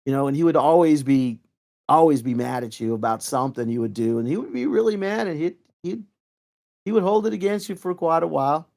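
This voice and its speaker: A middle-aged Kempo practitioner, guesting in an interview, tells training stories in a casual, rambling way full of fillers and restarts. His voice is on the high side, brisk, and creaky, and his anecdotes are lively.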